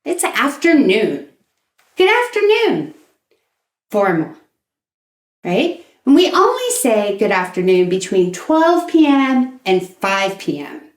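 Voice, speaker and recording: A woman's voice: mid-range voice, big pitch swings. A woman teaching an English lesson, patiently enunciating phrases for learners to repeat. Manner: patient, drawn-out enunciation, modeling phrases for repetition. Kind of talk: slow, clear instructional video lesson. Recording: echoey room.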